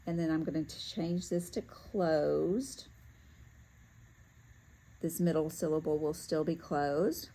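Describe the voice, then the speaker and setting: Woman, teacher, step-by-step demonstration, thinks aloud, slow pace. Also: sits low, mellow, low-quality recording. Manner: talks to herself while working through steps, with fillers.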